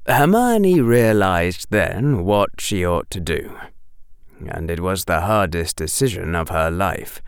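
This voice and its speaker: Guy reading a story aloud, slow and dramatic, gravelly edges, dry close mic. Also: low-pitched, no room sound. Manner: slow, emotive, hushed on dark passages. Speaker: audiobook reader.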